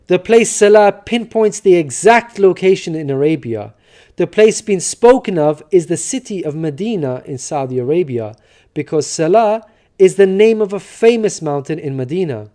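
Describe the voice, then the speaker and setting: A man narrating a prepared script with a higher-than-usual pitch. His tone is soft and mellow, with no edge to it. He reads at a measured, earnest pace, explaining each point in turn. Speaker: religious narrator.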